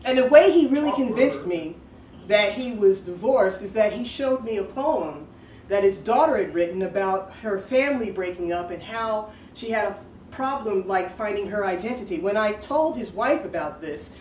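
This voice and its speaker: A woman's voice: medium pitch, expressive, moderate pace, darkish tone. A woman telling a personal story in a chatty, digressive way, laughing at herself as she goes. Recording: roomy sound from a distant mic with faint background noise.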